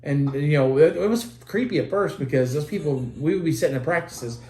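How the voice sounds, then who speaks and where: A man's voice: a little high, lively intonation, brisk, a little mellow. A man co-hosting a parenting podcast, talking in an earnest, rambling way with many restarts. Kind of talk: casual podcast chat. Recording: roomy echo.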